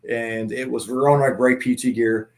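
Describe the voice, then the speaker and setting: A man's voice: mid-range voice, flat delivery, normal speed, a little mellow. A middle-aged man, a guest, telling stories in a rambling, profane casual chat.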